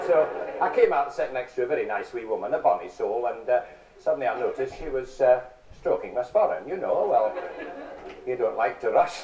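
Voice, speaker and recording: A wry English stand-up in his forties, voice a little high, jokes on stage in a large theatre, trading puns and quick asides with a live audience in music hall style. The 1970s broadcast sounds roomy, distant and dull, with audience laughter behind him.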